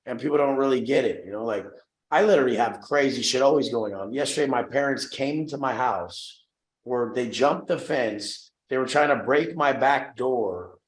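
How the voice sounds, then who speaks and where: A man's voice: medium pitch, moderate pace. Blunt, swearing male coach in echoey room. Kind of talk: profane motivational rant on a coaching call.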